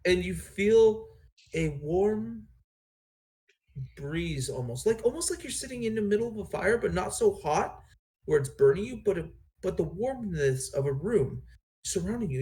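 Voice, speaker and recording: A man's voice: high-pitched, a little mellow. A man narrating as game master in a casual, rambling way with many fillers.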